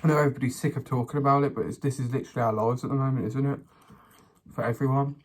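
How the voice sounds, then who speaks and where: A man's voice: medium pitch, fairly even intonation, racing. A man, a mukbang vlogger chatting casually and a little sassily while he eats, sometimes talking with his mouth full. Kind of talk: casual chat while eating.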